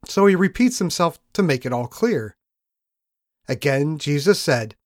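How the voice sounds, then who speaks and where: A man preaching a sermon as pastor, reading scripture slowly and then preaching with rising emphasis. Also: fairly high pitch, sing-song, dry recording, studio quality.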